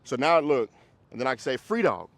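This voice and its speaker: A man who trains dogs, coaching a group class in a casual, hands-on way, giving quick commands to dogs and explanations to owners. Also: medium pitch, sing-song, creaky, no room sound. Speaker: dog trainer.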